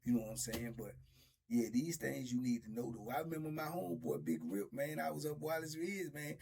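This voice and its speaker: A man's voice: mid-range voice, lively intonation, fairly quick, creaky, darkish tone, slightly rough. A middle-aged man telling stories in a laid-back, drawling way, laughing often. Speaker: storyteller host. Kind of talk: casual storytelling.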